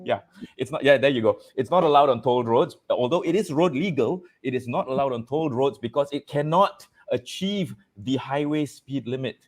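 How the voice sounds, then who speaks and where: A man hosting a casual chat show, talking in an animated, jokey way and often laughing. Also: medium pitch, moderate pace. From Malaysia. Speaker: host.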